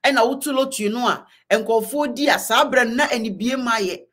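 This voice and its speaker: A Ghanaian-accented woman hosts her own live online show, talking straight to her viewers in political commentary. Her voice sits a little high, and she presses her points with repetition as she mixes Twi and English. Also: brisk, a bit bright. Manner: emphatic, scolding, repeats words for force.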